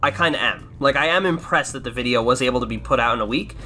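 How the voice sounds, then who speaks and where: An American-accented man hosts a casual commentary podcast, rambling sarcastically, swearing a lot and restarting sentences. He talks fast at medium pitch in a pushed, bright voice, with soft background music.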